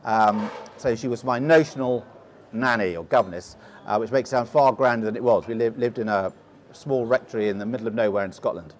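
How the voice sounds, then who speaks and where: Posh English accent, middle-aged man, rambling storyteller, mid pitch. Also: fairly quick. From England. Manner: rambling, restarts often. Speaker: guest explorer. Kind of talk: storytelling interview.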